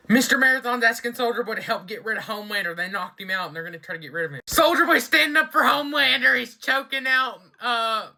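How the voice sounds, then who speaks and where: A speaker reacting to a TV episode in a casual running commentary, excitable and anxious, gasping and shouting at the big moments. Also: medium pitch. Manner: excitable, gasps and shouts at surprises, keeps saying she's worried. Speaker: TV reaction reviewer.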